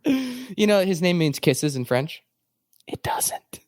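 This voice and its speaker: Guy cohosting a comedy podcast, goofy playful bits, swoops his pitch around a lot. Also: big pitch swings, a little slow, a little mellow, no room sound, studio quality. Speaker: podcast co-host. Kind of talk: casual comedic chat.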